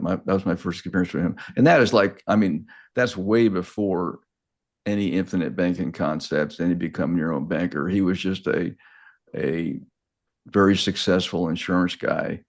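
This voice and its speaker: Deep-voiced older man telling stories. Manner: halting, repeats words and restarts often. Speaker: guest. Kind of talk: casual storytelling.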